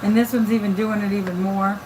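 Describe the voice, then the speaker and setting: A woman's voice: medium pitch, steady tone, fairly quick, background noise. A woman giving a casual hands-on crafting tutorial, chatty and thinking aloud as she works. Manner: chatty, thinks aloud, often gushes over the work. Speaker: crafter demonstrating epoxy tumbler making.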